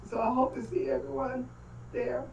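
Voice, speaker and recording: An older woman speaking on a video call about her family, halting and faith-filled, often breaking off mid-phrase. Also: high-pitched, level tone, vocal fry, darkish tone. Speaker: grieving great-grandmother speaking at a livestream. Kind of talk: emotional testimony on a video call. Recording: echoey, distant, dull call audio with faint noise.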